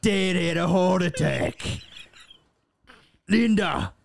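A drunken, brutish gangster snarls in a rough put-on cockney accent, as a man performs him. His gravelly voice sits higher than a normal speaking voice, and he barks each line with aggression. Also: slow, slight background noise, full character voice. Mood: rowdy. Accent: put-on cockney-style English.

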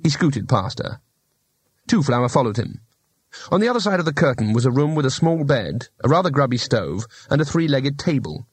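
A man's voice: medium pitch, big pitch swings, moderate pace, breathy edge, no room sound. A man narrating an audiobook with dry, wry storytelling.

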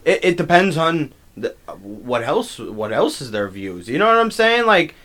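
A man co-hosting a podcast, talking in an animated way and asking leading questions. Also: a little high, unhurried. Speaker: podcast co-host. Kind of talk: casual chat.

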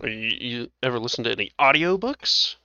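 A man co-hosting a casual podcast chat, playful and animated, laughing often. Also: medium pitch, normal speed, clear, resonant tone, no room sound, lo-fi sound. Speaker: podcast co-host, game master.

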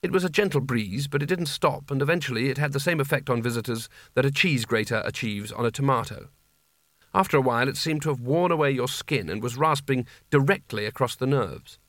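Casting: measured, wry male audiobook narrator, mid-range pitch, dry studio sound. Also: a bit bright, no room sound. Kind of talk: scripted narration.

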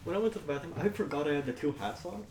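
A young man co-hosting a casual podcast with friends, dropping in quick jokey remarks. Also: fairly high pitch, animated, roomy sound, background noise. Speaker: podcast co-host. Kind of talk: casual chat.

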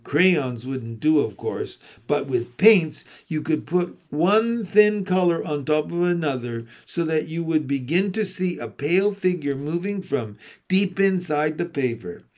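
A man reading a novel aloud in a measured storytelling manner. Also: fairly high pitch, lively intonation, a little mellow. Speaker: audiobook reader.

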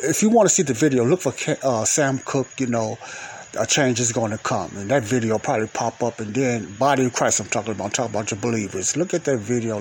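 A man's voice: mid-range voice, poor audio. A man hosting a rambling podcast teaching outdoors at night, praying and repeating himself with many rhetorical questions. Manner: repeats phrases, asks rhetorical questions, peppers with "you know" and "okay". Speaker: podcast host and lay preacher. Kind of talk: rambling spoken teaching with prayer. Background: wind and faint outdoor ambience.

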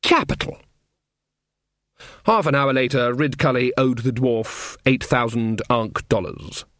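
A man narrating a comic fantasy audiobook with expressive, playful storytelling. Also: medium pitch, measured pace, dry recording, clean studio sound. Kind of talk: scripted narration.

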